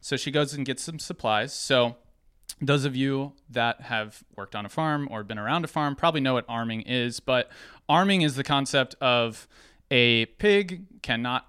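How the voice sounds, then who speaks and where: Young man, from the Atlanta area, animated personal storytelling, laughs at himself, bright voice, clear and dry. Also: mid-range voice, no room sound. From Atlanta area, United States.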